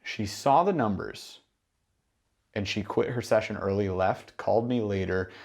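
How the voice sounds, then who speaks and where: A man's voice: on the low side, measured pace, vocal fry. A man coaching gym owners in a monologue, emphatic and full of rhetorical questions and acted-out exchanges. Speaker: business mentor for gym owners. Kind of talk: instructional monologue.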